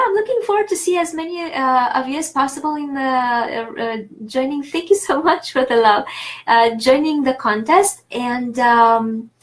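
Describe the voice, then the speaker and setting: A woman teaching a casual online French pronunciation lesson, chatty and encouraging, with many fillers and restarts. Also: sits high. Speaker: French tutor.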